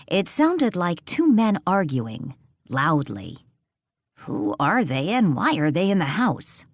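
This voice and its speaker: A woman reading a mystery audiobook as narrator, in a measured, suspenseful way. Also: fairly low pitch, huge pitch swings, no room sound, clean studio sound. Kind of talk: storybook narration.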